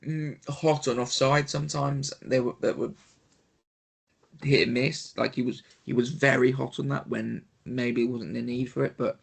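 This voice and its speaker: A man co-hosting a sports podcast who chats in a relaxed way and steers the talk along to the next topic. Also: medium pitch, moderate pace, gravelly, breathy edge. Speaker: podcast co-host. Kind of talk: casual sports podcast chat.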